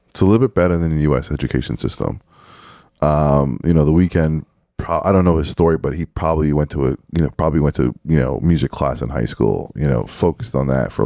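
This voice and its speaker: A man's voice: rumbling low, a little fast, gravelly, mellow, no room sound, studio quality. A man from Canada with a Canadian accent, hosting a podcast in casual chat, rambling and hesitant with many fillers.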